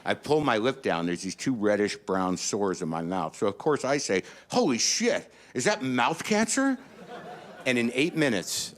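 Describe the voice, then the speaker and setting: A man's voice: fairly low pitch, slight background noise. A middle-aged man doing stand-up, telling a story in a neurotic, profane rant and jumping up into panicked quoted lines. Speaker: stand-up comedian.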